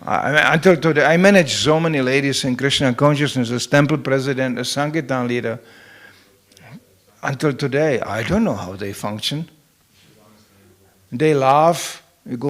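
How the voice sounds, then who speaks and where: This middle-aged man, a temple president, has a mid-range voice and a moderate pace. Giving a humorous scripture lecture in the temple hall, he tells stories with animation and acts out the voices he quotes.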